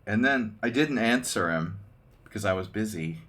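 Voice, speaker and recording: A man's voice: fairly low pitch, expressive, moderate pace, a bit bright. A man casually commenting on his chess games during a live stream, joking with chat and thinking aloud over moves.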